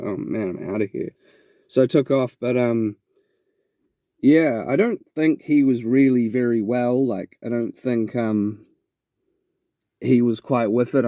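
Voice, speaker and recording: This is a podcast host from New Zealand, musing aloud in a loose, rambling story with many false starts. His voice sits in the middle range and sounds mellow, with a studio-quality recording free of room sound.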